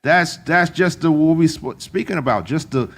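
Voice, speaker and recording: A man's voice: a little high, lively intonation. Laid-back man hosting radio chat. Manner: laid-back, slangy, drawn-out phrases. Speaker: radio podcast host and rapper.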